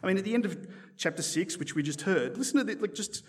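A man preaching a sermon in a church in a conversational, animated way, often restarting his sentences. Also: high voice, fast, big-room sound. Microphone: microphone.

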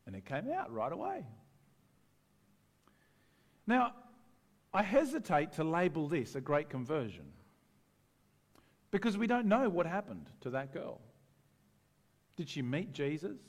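Animated male preacher in a reverberant hall. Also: on the high side, measured pace, pauses often. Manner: conversational and animated, acting out voices. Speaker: pastor. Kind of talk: sermon.

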